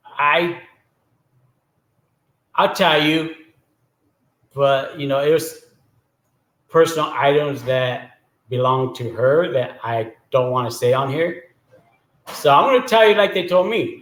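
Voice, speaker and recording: Male storyteller, higher-pitched voice, chatty and loose, clears his throat often, echoey room. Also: a bit bright. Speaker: storyteller host. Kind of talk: casual joke storytelling.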